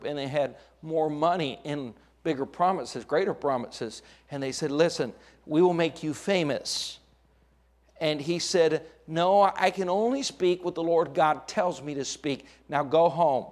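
A middle-aged man preaching a sermon as pastor, with dramatic rises and acted-out quotes. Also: on the high side.

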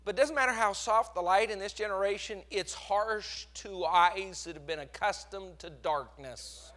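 A man's voice: sits high, moderate pace, fairly bright tone. A man with a Texas accent preaching a sermon, with emphatic surges in volume. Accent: Texan.

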